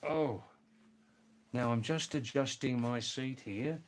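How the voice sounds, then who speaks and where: Man, live-stream host, mid-pitched, seated, chatty with his viewers. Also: takes it slowly. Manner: greets viewers by name, repeats exclamations. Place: seated indoors.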